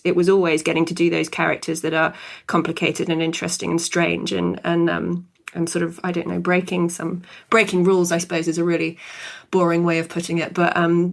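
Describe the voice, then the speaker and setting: A woman's voice: lowish voice, creaky. A woman in her thirties, an actress, answering interview questions thoughtfully with frequent hesitations. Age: 30s.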